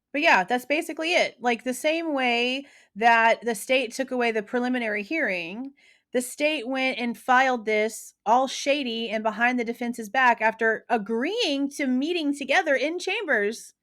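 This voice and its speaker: A woman's voice: fairly high pitch, moderate pace, a bit bright. Slangy, opinionated woman vlogger. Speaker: true crime commentary host. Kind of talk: casual opinion commentary.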